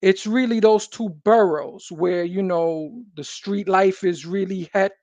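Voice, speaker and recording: New man, high-pitched, emphatic street talker; dry, muffled recording. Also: measured pace, a little mellow, dry recording. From New York City. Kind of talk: casual conversation.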